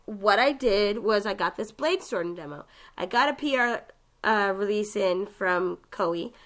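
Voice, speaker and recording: A woman chatting casually about video games, telling the story with lively asides and quick mimicked voices. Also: medium pitch. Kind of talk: casual gaming chat.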